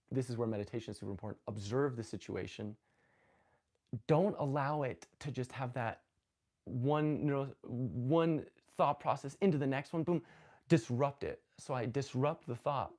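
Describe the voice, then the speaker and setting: A man hosting a live stream on spirituality, talking casually and earnestly, often restarting his sentences. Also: medium pitch. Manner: rambling, self-correcting, earnest and animated. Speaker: host of a live spiritual talk. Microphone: phone.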